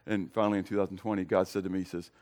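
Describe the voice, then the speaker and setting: A man preaching a sermon to his congregation, conversational, asking them direct questions and moving between loud emphasis and quiet, low remarks. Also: little pitch movement, very fast. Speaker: pastor. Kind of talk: expository sermon.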